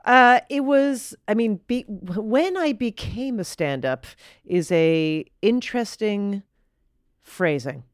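A woman comedian chatting as a guest, animated and quick to act out quoted voices. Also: medium pitch, no echo, clean studio sound. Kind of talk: casual chat.

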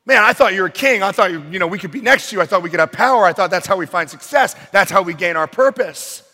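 A man's voice: high voice, animated, fast talker, pushed and bright, pitched above the performer's own voice, heavily acted. A male pastor voicing eager disciples who beg for power, acting out the scene during a sermon. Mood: disappointed. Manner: pleading, breathless eagerness. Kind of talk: sermon storytelling. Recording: long hall reverb.

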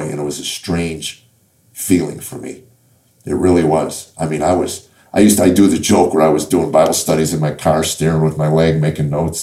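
A man's voice: low voice, mellow. A middle-aged man, a comedian, giving a conversational faith testimony in an interview, often repeating and restarting words as he talks. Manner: halting storyteller, repeats words, acts out quotes. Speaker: comedian guest. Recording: echoey room, distant mic.

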